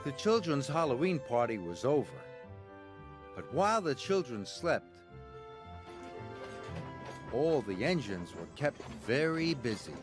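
A man narrating a children's story in an expressive storybook style. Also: mid-range voice. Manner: slow, expressive. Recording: music bed underneath. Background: music.

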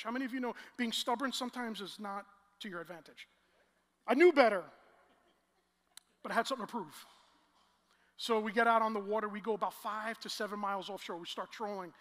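A man preaching a sermon as a pastor, telling a story and building to loud, emotional peaks. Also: high voice, fairly quick, pauses often. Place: large church hall. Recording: long church hall reverb.

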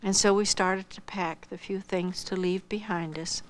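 An older woman from Iowa, a missionary earnestly telling her life testimony, acting out dialogue and dropping softly toward a whisper at tender moments. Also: medium pitch, fairly even intonation, normal speed, slight background noise. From Iowa, United States. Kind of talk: personal testimony storytelling.

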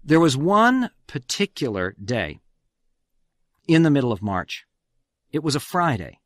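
A man's voice: on the high side, very animated, a little slow, no room sound. A man hosting a radio history program, telling the story with emphatic, swelling stresses on key words. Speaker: radio host.

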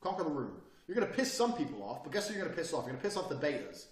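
A brash man in his thirties delivers a profane motivational lecture with fierce, lively swings in his voice. His tone sits on the higher side for a man. The sound is roomy, picked up from some distance off the mic. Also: very fast. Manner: blunt, brash and forceful, swearing freely. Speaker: course instructor.

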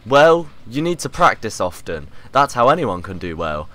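A man's voice: mid-range voice, sing-song, moderate pace, fairly bright tone. A man reading as a friendly student. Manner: plain reading of game text. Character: friendly male fellow student.

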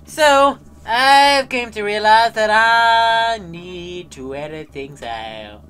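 A young man commentating a game he is playing, yelling in sudden bursts and muttering quietly in between, swearing and joking. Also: high voice, lively intonation, takes it slowly, clear, resonant tone. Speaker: gaming commentator. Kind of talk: let's play commentary.

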